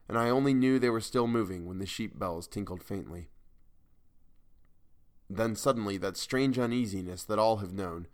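A man narrating a short story in a measured, even manner. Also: on the low side. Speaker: audiobook narrator.

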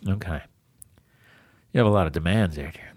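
A man hosting a podcast interview, chatting casually in a halting, rambling way and laughing often. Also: low-pitched, darkish tone, breathy edge, dry recording, studio quality. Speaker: podcast host.

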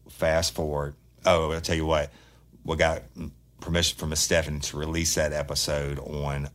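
A man hosting a true-crime podcast, telling the story in a blunt, profane, fired-up casual monologue. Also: a bass voice.

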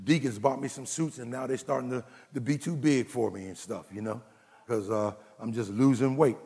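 A man preaching a sermon as pastor, emphatic and building to shouts, in a church. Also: medium pitch, moderate pace. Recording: long hall reverb.

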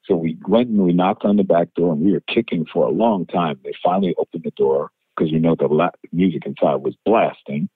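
A male musician being interviewed, telling anecdotes in an animated way, laughing and acting out what people said. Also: sits low, a little fast, hardly any pauses, breathy edge, no echo. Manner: animated storyteller, laughs, acts out quotes. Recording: tinny phone-like interview line.

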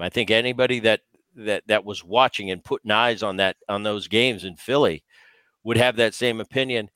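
A man's voice: fairly low pitch, normal speed, sharp tone, clean tone, no room sound. A man co-hosting a baseball podcast, a former player who talks in a casual, emphatic way and often repeats himself as he restarts. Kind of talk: casual sports talk.

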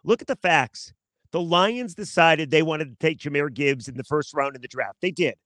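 A man's voice: on the high side, normal speed, a bit bright, no room sound. A man hosting a sports talk show, delivering a sarcastic, self-mocking monologue outdoors in his backyard and talking straight to his listeners. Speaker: sports radio host.

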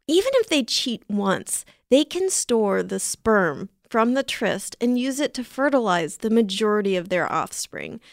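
A young woman with a creaky, gravelly edge to her voice chats through animal facts on a podcast, joking and wandering off topic as she goes. The sound is close and dry, with no room around it. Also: a little high, fairly bright tone, no echo. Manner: jokey, rambling, laughs often. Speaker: podcast co-host presenting science facts. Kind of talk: casual comedic chat.

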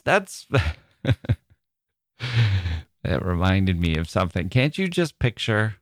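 Male podcast host, playful theatrical delivery, unhurried, low-ish voice, dry close sound. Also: big pitch swings, no echo. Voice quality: squirrel-like voice. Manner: playful and theatrical, often laughing at himself. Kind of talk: playful literary podcast chat.

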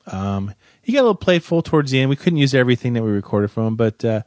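A man co-hosting a podcast, asking quick, curious questions in casual chat. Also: medium pitch, expressive, darkish tone, no echo, studio quality. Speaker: podcast co-host.

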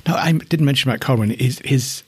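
This alpaca keeper, a middle-aged northeast English man, offers casual spoken commentary about his animals with clear affection, musing as he goes. His mid-range voice is fairly quick, slightly mellow with a breathy edge, and there's no room sound.

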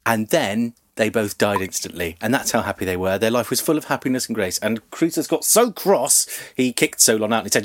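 A man telling a comic history story on a podcast, animated and giggly. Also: on the low side, brisk, few pauses. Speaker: comedy podcast host.

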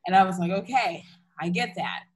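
A woman's voice: medium pitch, moderate pace, breathy edge, low-quality recording. A young woman candidly retelling a personal story in casual chat, full of fillers and restarts.

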